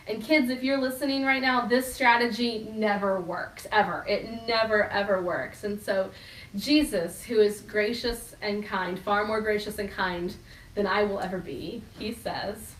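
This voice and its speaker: Animated woman pastor, echoey and off mic. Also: a little high, normal speed, recorded from a distance. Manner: animated, acts out quoted voices with laughs. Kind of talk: sermon. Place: church hall.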